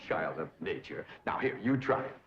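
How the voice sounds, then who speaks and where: Pompous, theatrical society dandy. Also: male voice, extremely low pitch, big pitch swings, moderate pace. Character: pompous young society man tutoring a country girl. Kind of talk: 1960s sitcom acting. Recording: dull 1960s TV soundtrack with faint hiss.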